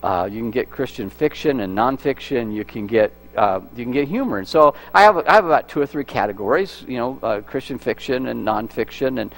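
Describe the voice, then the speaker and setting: A man's voice: medium pitch, animated, brisk, hardly any pauses. A man preaching a sermon as pastor, conversational, repeating words and asking the congregation questions. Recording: echoey hall with mains hum.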